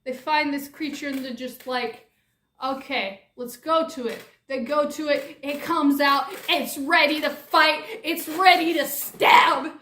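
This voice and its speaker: Brief: young woman, giggly scattered storyteller, slow and very high. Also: steady tone, pushed and bright, reverberant, a little hiss or hum. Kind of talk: improvised rambling comedic story.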